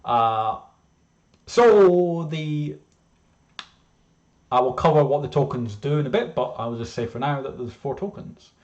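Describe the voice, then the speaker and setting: A man presenting his game in a casual, rambling way, often restarting sentences, joking at himself and getting excited. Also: mid-range voice, a little slow, pauses often, muffled recording. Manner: rambling, self-interrupting, excitable, jokey. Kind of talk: casual screen-share presentation.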